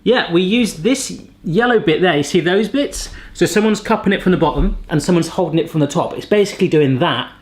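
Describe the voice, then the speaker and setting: Jokey man with a lively voice. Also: high-pitched, a little fast. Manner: jokey, pun-loving, chatty. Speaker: cooking channel host. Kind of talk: casual gadget-testing vlog. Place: home kitchen.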